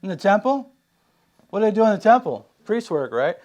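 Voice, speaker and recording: Guy with a high voice preaching casually, asks lots of questions, acts out the quotes. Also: very animated, fairly quick, a little mellow. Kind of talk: casual sermon teaching.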